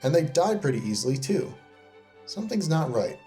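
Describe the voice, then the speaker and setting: A man giving comedic scripted narration as a game reviewer, sarcastic and deadpan. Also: fairly high pitch, normal speed, faint music behind. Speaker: video creator reviewing game companions.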